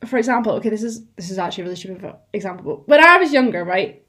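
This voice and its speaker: A woman's voice: mid-range voice, lively intonation, racing, a bit bright. A young woman, co-hosting a podcast in casual chat, rambling animatedly with lots of fillers. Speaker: podcast co-host.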